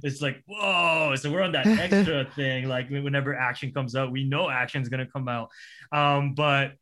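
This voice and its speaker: A man's voice: mid-range voice, moderate pace, bright, forceful tone. A man in casual chat who acts out scenes with quoted voices and laughs often.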